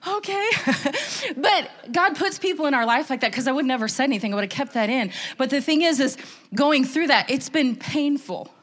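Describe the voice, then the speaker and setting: A woman's voice: high voice, animated, normal speed, fairly bright tone. A middle-aged woman giving a candid, emotional church testimony, rambling with restarts. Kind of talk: testimony sermon.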